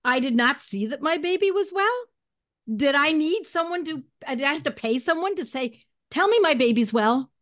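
A woman guest tells a personal story in an interview. Her voice sits a little high, and she is animated as she recounts events. She clears her throat now and then. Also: moderate pace. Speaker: guest, homeopathy educator.

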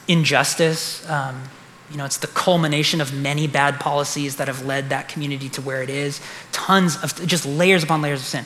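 Man, pastor, sermon, bright ringing voice, fairly high, long hall echo. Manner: earnest, rising to emphatic declarations. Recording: echoey hall.

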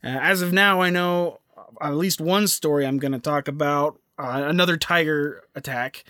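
A man's voice: a little high, normal speed, bright, forceful tone, no echo, studio quality. A young man hosting a casual podcast, rambling with lots of fillers and restarts. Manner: rambling, filler-heavy, self-interrupting. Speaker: podcast host.

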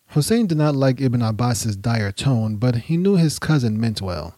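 A man narrating a history podcast in a measured, dramatic storytelling manner. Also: medium pitch, very animated, warm tone, no room sound.

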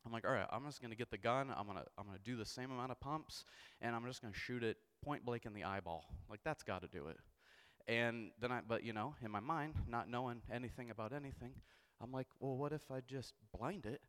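A young man preaching a sermon, telling a comic story with animated, self-mocking delivery and frequent asides of "okay?". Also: mid-range voice, brisk. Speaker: pastor. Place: church sanctuary. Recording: long church hall reverb.

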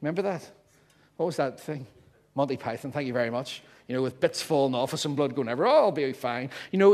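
A man's voice: a little high, a little mellow. A man preaching a sermon, emphatic and playful as he explains word meanings to his congregation.

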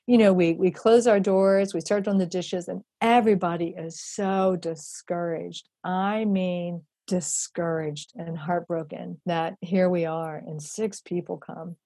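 Husky, mellow-voiced woman telling a story. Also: on the low side, unhurried, few pauses, no room sound. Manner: animated, emphatic, repeats herself. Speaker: guest, ministry executive director. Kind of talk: heartfelt storytelling.

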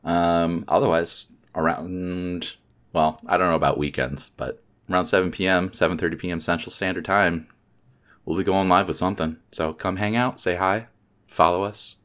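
A man hosting a casual podcast, wrapping up the episode in a relaxed, rambling way with plenty of fillers. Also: low voice, normal speed. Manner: laid-back, rambling sign-off with fillers. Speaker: podcast host.

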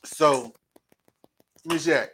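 A man's voice: a little high, extremely slow, fairly bright tone, slightly rough. A man co-hosting a podcast in loose joking chat, teasing and laughing often. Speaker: podcast co-host.

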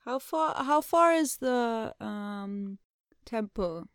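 A woman playing in a tabletop game, asking quick, practical questions. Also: a little high, expressive, smooth, dry recording, studio quality. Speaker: player.

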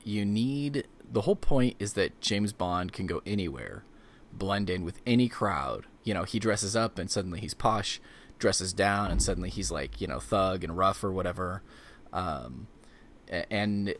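Young man, very low voice, relaxed anecdotal podcast chat, faint hiss behind. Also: normal speed. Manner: relaxed storyteller, retells anecdotes with brief quoted voices. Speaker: podcast co-host. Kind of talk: casual chat.

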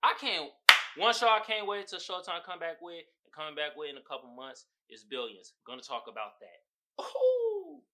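A young man hosting a podcast, casually retelling a TV show and memes, animated, swearing freely and acting out quotes. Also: on the high side, normal speed. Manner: animated storytelling, swears a lot, acts out quotes. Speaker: podcast host. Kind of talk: casual chat.

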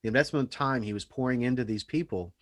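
A man telling stories in a casual podcast chat, animated and earnest. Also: mid-range voice, fast, no echo.

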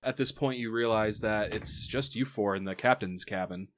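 A man's voice: lowish voice, normal speed. Laid-back man running a tabletop game. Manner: loose, filler-heavy, laughing. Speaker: game master.

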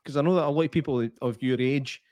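A man's voice: medium pitch, fast, darkish tone, dry recording. Teasing Scottish man in casual chat. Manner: teasing, joking.

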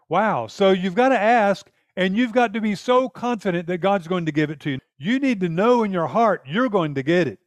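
A man preaches with earnest emphasis, pressing each point home and acting out prayers as he goes. His voice sits high. The recording is dry and close, with no room sound. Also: animated, normal speed, few pauses, dry recording. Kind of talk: sermon.

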